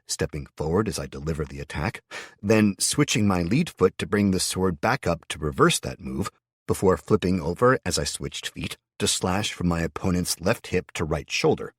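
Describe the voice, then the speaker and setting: A man narrating a fantasy audiobook in the first person, in a steady storytelling manner. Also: low-pitched, husky, dry recording, clean studio sound.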